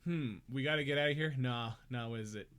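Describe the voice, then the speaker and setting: A man's voice: mid-range voice, a little fast, fairly bright tone, smooth. A young man chatting casually on a live stream from his home, giggly and rambling. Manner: giggly, rambling, self-deprecating. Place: home room.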